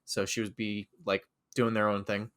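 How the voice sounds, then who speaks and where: A man's voice: lowish voice, level tone, normal speed, fairly bright tone. A young man co-hosting a podcast, telling a rambling story and laughing often. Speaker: podcast co-host. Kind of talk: casual chat.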